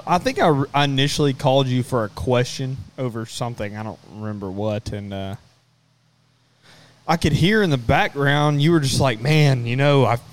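A man, a podcast co-host, retelling a story in casual chat with lots of swearing. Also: mid-range voice. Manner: profane, animated retelling.

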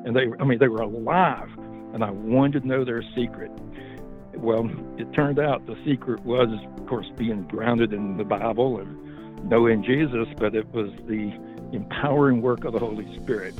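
A man's voice: medium pitch, moderate pace, over music. A man with a Southern US accent, from western North Carolina, speaking earnestly as a ministry director in a casual interview. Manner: earnest, laughs easily. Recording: dry, phone-like line.

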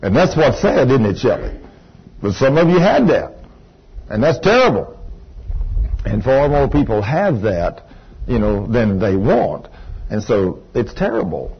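An older man with a drawl preaches to a congregation, his husky voice rising and falling with animated swings. He tells stories with emphatic bursts. The recording is dull and lo-fi. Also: mid-range voice, unhurried, pauses often. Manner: emphatic, storytelling preacher with sudden exclaims. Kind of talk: sermon with personal story. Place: church room with congregation.

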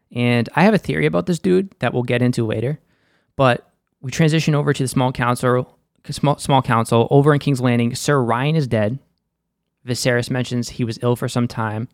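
A man's voice: medium pitch, no echo, clean studio sound. A young man with a Boston accent hosting a casual, slangy and opinionated episode recap. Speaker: show recap host.

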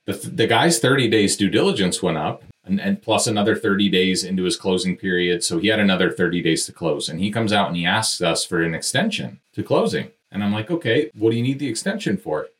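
A man with a deep, low-pitched voice tells a story in a candid, conversational monologue. He is blunt and frank, drops casual swearing, and talks right to his listeners like a podcast host. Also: lively intonation, a little fast, few pauses, a bit bright. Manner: conversational, addresses listeners directly. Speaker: podcast host and real estate developer.

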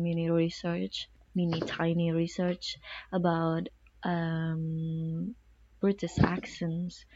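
A woman student talks through a casual discussion in a slow, flat, mellow voice, pausing often with fillers. The sound is dry and muffled. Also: lowish voice, no room sound. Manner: halting, with frequent fillers.

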